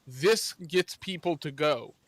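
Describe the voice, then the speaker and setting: A man in casual podcast chat who makes a measured, reasoned point. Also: a little high, a bit bright, no room sound.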